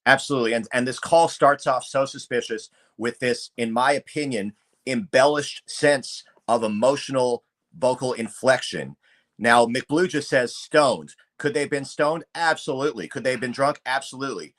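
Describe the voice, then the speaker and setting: Measured man on a podcast. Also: mid-range voice, fairly bright tone. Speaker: podcast co-host. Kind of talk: casual true-crime podcast chat.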